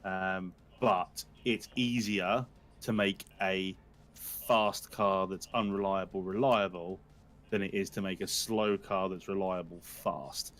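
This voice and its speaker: A man, a guest on a casual live-stream chat, teasing and quick with a quip. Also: sits low, fairly even intonation, fairly bright tone. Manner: teasing, laughs often, quick quips.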